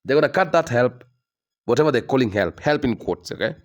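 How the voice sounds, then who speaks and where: A man's voice: mid-range voice, expressive, fairly quick. A young man delivering an emphatic opinion monologue, lecturing and repeating himself with frequent tag questions. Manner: emphatic, repetitive, lecturing with frequent "okay?" tags. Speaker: commentator.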